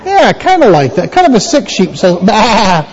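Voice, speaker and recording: A man's voice: high-pitched, wildly swooping pitch, brisk, darkish tone, dull audio, some chatter behind. A man pastor giving a playful children's sermon in a church, quizzing the kids with questions.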